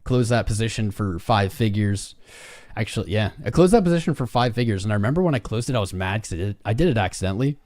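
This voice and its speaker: Fast-talking and lively in intonation, this crypto livestream host has a low, darkish voice. He reads charts on air, chats casually, and greets viewers by name.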